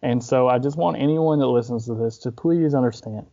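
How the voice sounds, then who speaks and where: A man's voice: mid-range voice, brisk, mellow. Rambling young man, slightly muffled. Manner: rambling, heavy use of filler "like", frequent swearing. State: grieving, holding back tears. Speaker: podcast host, wrestler. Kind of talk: casual podcast talk.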